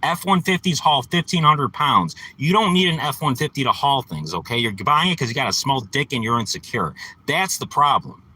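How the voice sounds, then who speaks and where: Agitated man vlogging from his car, bright tense voice, swears constantly, close phone mic. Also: medium pitch, animated, a little fast, few pauses, husky, dry recording, rough recording. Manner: profane, agitated ranting. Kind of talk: ranting vlog from his car. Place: inside a parked car.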